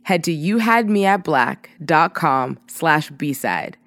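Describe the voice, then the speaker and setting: A woman host reads a scripted podcast sign-off. Her delivery is lively, with a slightly low pitch. The recording is close and dry. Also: takes it slowly, dry recording. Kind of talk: scripted outro.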